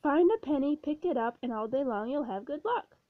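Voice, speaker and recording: A woman voicing a calm, cheerful male panther who stays polite and unbothered. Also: high voice, a little fast, dry recording. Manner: unflappable and polite. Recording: dull, dry recording.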